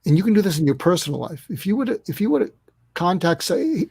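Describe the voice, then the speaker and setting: Earnest man explaining, slightly high voice. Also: sing-song, a little fast, vocal fry, a little mellow, husky, no room sound. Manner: earnest, explains in steps, acts out dialogue. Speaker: guest expert on listening. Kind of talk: interview conversation.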